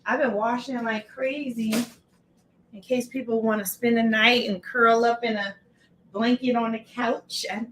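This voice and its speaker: A woman's voice: a little high, slight background noise. A woman hosting a casual live cooking stream from her home kitchen, chatting to viewers by name while she chops. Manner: chatty, greets viewers by name mid-task. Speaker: livestream cooking host.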